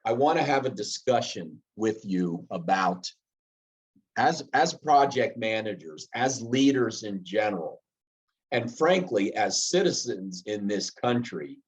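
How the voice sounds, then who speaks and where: A man's voice: on the low side, lively intonation, unhurried. A middle-aged man teaching a leadership class, walking through workplace examples step by step and acting out short bits of dialogue. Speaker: leadership trainer. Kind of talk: classroom lecture. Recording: slightly dull lo-fi sound.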